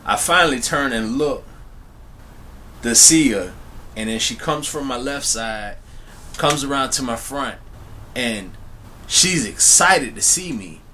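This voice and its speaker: Young man, casual slangy storyteller, bright tone, mid pitch, faint hiss behind. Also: lively intonation, slow, long pauses. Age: young adult. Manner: laid-back, slangy, talks straight to viewers. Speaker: vlogger.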